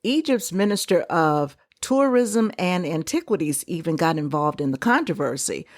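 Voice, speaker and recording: A woman hosting a solo podcast, giving her opinions in a conversational, emphatic way with quick asides. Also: fairly low pitch, sing-song, dry recording, clean studio sound. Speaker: podcast host.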